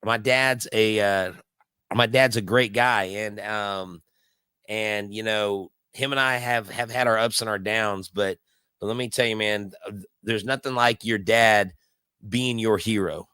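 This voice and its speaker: A man's voice: lowish voice, fairly even intonation, unhurried, pushed and bright, clear, resonant tone, no echo. Chatty man streaming live. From Houston, Texas. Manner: storytelling, chatty, with filler words and restarts. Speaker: livestream host. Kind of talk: casual live watch-along chat.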